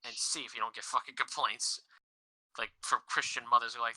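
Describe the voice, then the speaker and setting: A man's voice: mid-range voice, steady tone, fairly quick, pushed and bright, no echo, poor audio. A man co-hosting a podcast, telling stories in casual chat, swearing freely and laughing often. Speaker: podcast host.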